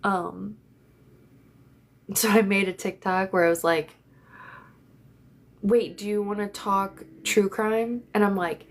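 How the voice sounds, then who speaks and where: A woman's voice: medium pitch, steady tone, slow pace, long pauses. Young woman host, casual rambling livestream chat, swears a lot, talks into her phone. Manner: chatty, rambling, swears freely. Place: home, in bed.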